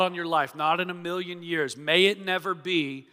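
A man's voice: on the high side, moderate pace, hardly any pauses, pushed and bright. A man preaching an expository sermon, earnest and emphatic, acting out the objections he quotes. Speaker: pastor. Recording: long reverb of a church hall.

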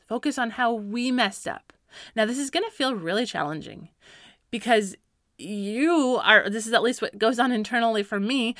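A woman's voice: a little high, sharp tone, dry recording, studio quality. A woman and mother giving casual Christian parenting advice, earnest and encouraging, with light laughs and fillers.

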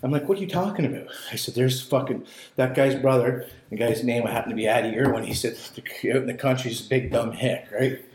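A man telling a long story in casual chat, profane and animated, acting out quotes. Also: medium pitch, fairly quick. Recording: roomy echo.

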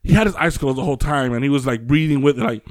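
A man's voice: mid-range voice, quick pace, no room sound, studio quality. Rambling podcast host, a man. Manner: rambling, many fillers and restarts. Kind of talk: casual storytelling chat.

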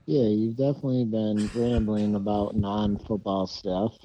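Laid-back man with a dark low voice. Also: little pitch movement, measured pace, a little hiss or hum, low-quality recording. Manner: laid-back, brief replies. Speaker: podcast co-host. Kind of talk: casual podcast chat.

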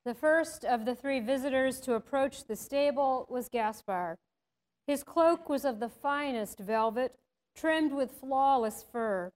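Woman narrator, storybook reading, measured, gentle, fairly high pitch.

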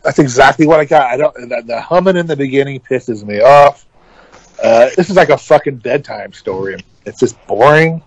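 A man's voice: medium pitch, normal speed, muffled recording. A man co-hosting an album review podcast, giving short, dismissive verdicts. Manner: curt, dismissive, dry. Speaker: podcast co-host. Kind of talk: casual album review chat.

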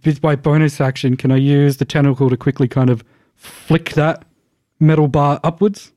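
A man's voice: fairly high pitch, flat delivery, normal speed, warm tone, dry recording, studio quality. A man playing a tabletop game, talking casually, thinking aloud and swearing freely. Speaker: player.

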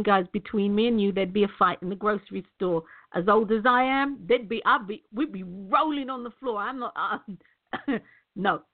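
A middle-aged woman giving an emphatic motivational talk, repeating herself and calling her viewers guys. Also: medium pitch. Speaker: motivational speaker. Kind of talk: direct-to-camera motivational talk. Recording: tinny phone-like audio.

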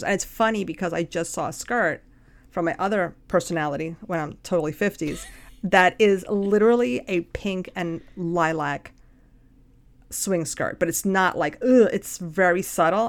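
A woman co-hosting a podcast, chatting casually and telling animated stories. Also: on the low side, normal speed. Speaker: podcast co-host. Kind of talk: casual chat.

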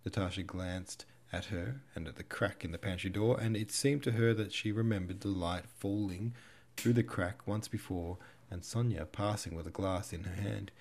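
A man narrating a classic novel as an audiobook podcast host, in a measured, even reading. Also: low-pitched, creaky.

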